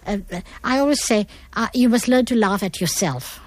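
A woman's voice: a little high, expressive, moderate pace, a little mellow, no echo. A middle-aged woman from India, giving an earnest, emphatic talk on manners as a guest. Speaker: guest speaker.

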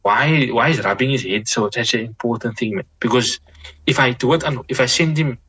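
With a medium-pitched voice that's bright, forceful and husky, heard through dull audio, this man appears as an Islamic scholar guest. He gives reflective advice in a measured way, repeatedly restarting phrases and weaving in religious expressions.

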